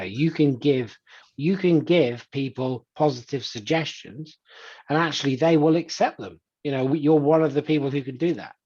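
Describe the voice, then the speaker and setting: A man's voice: mid-range voice, husky, lo-fi sound. A man talking casually as an interview guest, full of "you know" fillers and restarts. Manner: chatty, many "you know" fillers and restarts, acts out quoted voices. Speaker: hypnotist guest. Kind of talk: conversational interview answers.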